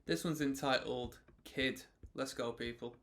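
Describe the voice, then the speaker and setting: A man's voice: medium pitch, steady tone, unhurried. A man hosting an album reaction, chatting casually and talking over the track as it plays. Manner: chatty, talks over the music, sings along. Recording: music playing in the background.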